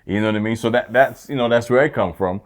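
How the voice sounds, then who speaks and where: A man's voice: medium pitch, fast talker. A man from the Caribbean co-hosting a podcast, chatting in an easygoing, reflective way and agreeing often with his guest. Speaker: podcast co-host. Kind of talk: casual chat.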